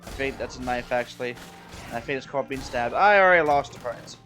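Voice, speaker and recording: A man's voice: mid-range voice, fast talker, fairly bright tone, soft background music. A man from Maryland chatting casually with his viewers while streaming a game, rambling and self-deprecating. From Maryland, USA. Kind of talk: casual live-stream chat while playing.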